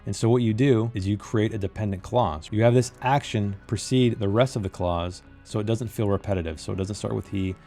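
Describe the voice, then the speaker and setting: A man's voice: lowish voice, fairly quick, hardly any pauses, mellow, soft background music. A man reviewing a novel in a critical monologue, emphatic and fond of repeating key phrases for effect. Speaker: book reviewer.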